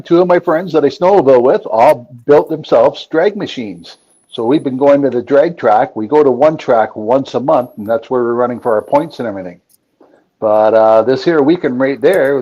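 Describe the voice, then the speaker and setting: A man on a video call chats casually as a regular co-host of a podcast and tells stories in an easygoing way. His voice is mellow and a little dark. The call audio sounds muffled and dull. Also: medium pitch, lively intonation, normal speed, slightly rough. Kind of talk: casual chat.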